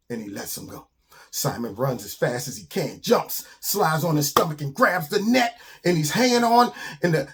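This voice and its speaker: A man hosting his own channel, telling a children's story in a casual, slangy, animated way. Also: sits high, normal speed.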